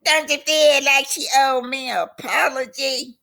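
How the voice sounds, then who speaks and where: A woman's voice: medium pitch, animated, measured pace, a bit bright, husky, pitched above the performer's own voice, exaggerated voice. A woman voicing another woman who whines and pleads for an apology. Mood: insistent. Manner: whining, pleading. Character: whiny woman demanding an apology.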